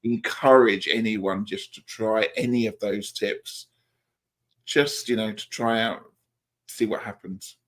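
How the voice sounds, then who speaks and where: A man's voice: on the low side, steady tone, slow, a bit bright. A man co-hosting a live tarot show, talking with enthusiasm about the stories in the cards. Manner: enthusiastic, storytelling. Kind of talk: casual chat on a live stream.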